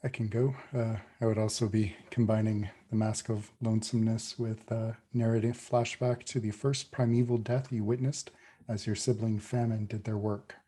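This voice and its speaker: Dark, flat-voiced man narrating hesitantly. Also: on the low side, normal speed. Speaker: player. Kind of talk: narrating a flashback in a tabletop game.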